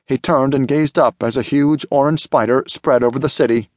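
A man narrating a thriller audiobook in a steady, measured way. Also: medium pitch, no room sound, clean studio sound. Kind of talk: scripted narration.

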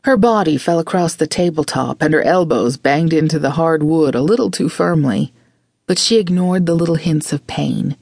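A woman narrating a romance audiobook in a measured, expressive way. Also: sits low, gravelly, no room sound, studio quality. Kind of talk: scripted narration.

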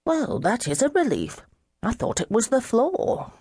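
A woman voicing a drunken young gentleman of about twenty-five, who rambles and fumbles for words. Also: sits low, big pitch swings, unhurried, dry recording, studio quality, full character voice. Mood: befuddled. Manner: slurred, fumbling for words, merrily befuddled.

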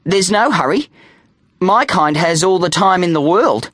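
A man voicing a schoolboy who pretends to be a vampire, talking slow, deep and mock-mysterious. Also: expressive, a bit bright, no room sound, clean studio sound, full character voice. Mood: mock-serious. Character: schoolboy playing a vampire, solemn and theatrical.

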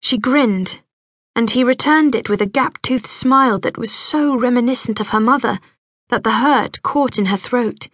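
A woman reading an audiobook in scripted narration, measured and gentle, close to a studio mic. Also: on the high side, no echo.

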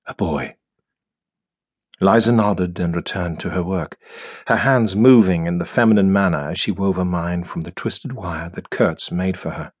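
Deep-voiced male audiobook narrator. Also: slightly rough. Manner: measured, steady storytelling. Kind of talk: scripted narration.

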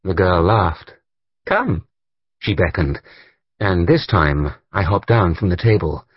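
A man narrating an audiobook in the first person, with a husky voice and an expressive delivery. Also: sits low, measured pace, no echo, dull audio.

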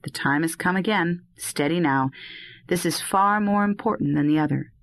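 A woman's voice: lowish voice, moderate pace, dry recording, close to an everyday voice. A woman voicing a rugged young male herb harvester who chides and coaxes his dog. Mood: coaxing. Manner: earnest, chiding, talks to his dog. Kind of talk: audiobook dialogue reading.

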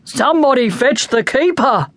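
A woman voicing an easygoing father in a children's storybook, pitching her voice a little lower. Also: moderate pace, dry recording, lightly acted. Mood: mild. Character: easygoing dad of a young boy.

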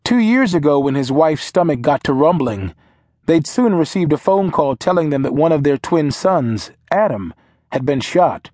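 A man narrating a novel in a measured, steady storytelling manner. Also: on the high side, no room sound, studio quality. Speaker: audiobook narrator. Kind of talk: scripted narration.

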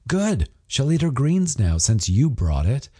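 A male audiobook narrator voicing a put-upon young husband who grumbles and sulks, pitched up from his usual husky voice. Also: big pitch swings, measured pace, dark tone. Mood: grumbling. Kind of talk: audiobook character voice.

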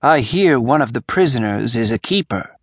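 A man voicing a weary, grave old man in an audiobook, speaking softly and sorrowfully. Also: mid-range voice, expressive, moderate pace, breathy edge, no echo, studio quality. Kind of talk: audiobook character voice.

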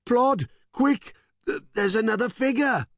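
A man's voice: very high-pitched, animated, measured pace, dry recording, studio quality, pitched above the performer's own voice, heavily acted. A man voicing a jittery, clumsy male Diplodocus miner who stammers in panic, in a children's audiobook. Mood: panicked. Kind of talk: audiobook character voice.

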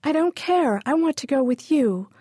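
A spirited seven-year-old girl in a children's storybook, her voice raised high and young, proud yet fretful about the weather, as a woman narrator puts her on. The sound is dry and close. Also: animated, normal speed, mellow, no room sound. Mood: childlike. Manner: eager, high childlike delivery.

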